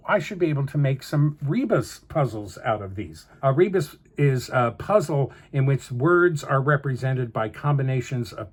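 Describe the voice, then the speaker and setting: A man hosting a card-making tutorial, chatting through each step and chuckling between remarks. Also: mid-range voice. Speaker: card-making channel host. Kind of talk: crafting tutorial narration.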